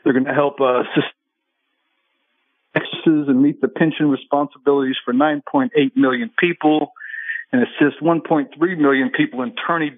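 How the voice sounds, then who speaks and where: Male caller, phone line, tinny, fairly high voice, argumentative, talks over the host. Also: fairly even intonation, moderate pace, no room sound. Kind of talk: heated call-in radio argument.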